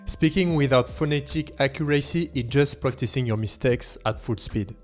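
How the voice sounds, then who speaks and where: French-accented male teacher, mid-pitch, emphatic, faint music under the voice. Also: moderate pace, a little mellow. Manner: emphatic, rhetorical questions, occasional laughs. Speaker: language teacher. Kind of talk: scripted video lesson.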